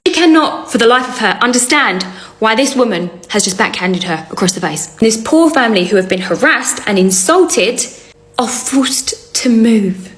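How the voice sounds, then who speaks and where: A woman's voice: fairly high pitch, moderate pace. Wry woman telling a comic story. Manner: wry, sarcastic, animated. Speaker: storyteller vlogger. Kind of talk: comedic storytelling to camera.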